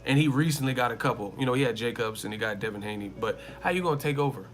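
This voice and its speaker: A man's voice: mid-range voice, racing, soft background music. A man hosting a live boxing commentary stream, talking in a casual, slangy and emphatic way and repeating his points over and over. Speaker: boxing commentary channel host.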